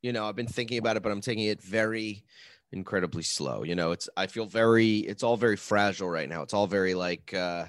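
A man chats in a halting, soft-spoken manner, often trailing off. His voice is somewhat low, and the recording is dry and close. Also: no room sound. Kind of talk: casual chat.

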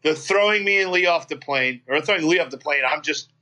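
A middle-aged man, a guest singer, telling a profane, animated story in casual chat with many restarts. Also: fairly high pitch, fairly quick.

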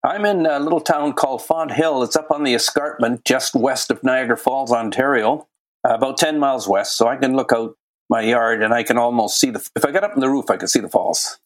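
An older man of Welsh origin speaks as an interview guest at a mid pitch. He is genial and anecdotal, with a dry sense of humor. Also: brisk, poor audio. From Wales. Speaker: guest, volunteer chief pilot. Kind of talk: casual interview chat.

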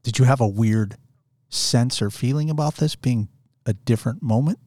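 A man's voice: medium pitch, normal speed, mellow, no room sound, studio quality. A man asking brief, direct interview questions as podcast host.

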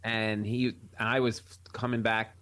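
A man's voice: on the low side, slow pace, dry recording. A man, a comedian guest, chatting casually on a podcast and telling stories animatedly while acting out family members. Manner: animated storyteller, acts out family quotes.

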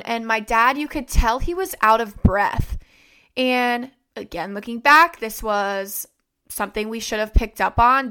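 A woman's voice: fairly high pitch, pushed and bright, clean tone. A young woman hosting a podcast, telling a personal story in a conversational way, with frequent fillers and "like". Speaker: podcast host.

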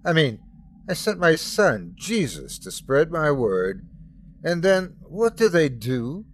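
A man's voice: on the high side, big pitch swings, slow, slight background noise, voice pushed up. A man voicing a jealous, domineering male God who rants and mocks. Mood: scornful. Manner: scornful, mocking rants.

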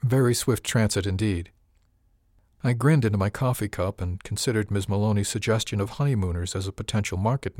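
Low-voiced man narrating a story. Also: darkish tone, dry recording, studio quality. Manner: measured, gives light voices to characters. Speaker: audiobook narrator. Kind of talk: first-person story narration.

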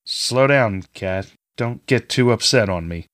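A man voicing a middle-aged farmer father who speaks gently and kindly to his daughter. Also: fairly low pitch, unhurried. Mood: gentle, fatherly.

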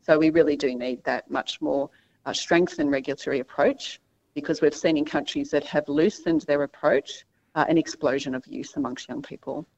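A woman guest on a radio show, explaining in an earnest, measured way. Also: low-pitched, fairly even intonation, creaky, a little mellow, lo-fi sound. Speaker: health expert guest. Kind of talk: radio interview.

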